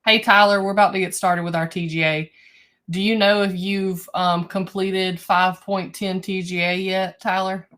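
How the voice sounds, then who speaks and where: A young woman teacher, talking her class through steps on a video call in a relaxed, chatty way. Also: mid-range voice. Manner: relaxed, chatty, with slow stretched prompts. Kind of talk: online class instructions. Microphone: computer mic on a video call.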